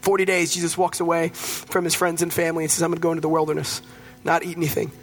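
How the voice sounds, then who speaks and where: Male pastor with a high voice, conversational, storytelling sermon. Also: completely flat delivery, fast, slight background noise.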